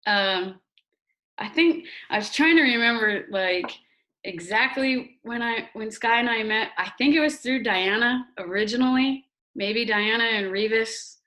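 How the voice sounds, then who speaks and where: Gentle woman hosting a memorial call. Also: on the high side, unhurried. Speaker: memorial organizer and host. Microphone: video call.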